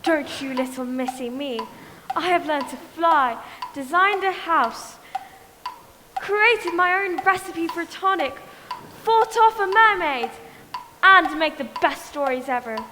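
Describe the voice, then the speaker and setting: A woman's voice: extremely high pitch, slow. A woman on a school stage playing a spirited, proud young girl, recorded in an echoey hall with noise. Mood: defiant. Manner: proud, declaiming.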